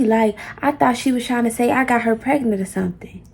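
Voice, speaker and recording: A young woman tells a storytime in loose, slang-heavy talk, swearing freely and acting out what everyone said. Her voice sits a little high, and she keeps a casual vlog tone throughout. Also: brisk, hardly any pauses, breathy edge. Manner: animated, profane, slangy, acts out quotes. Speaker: storyteller vlogger.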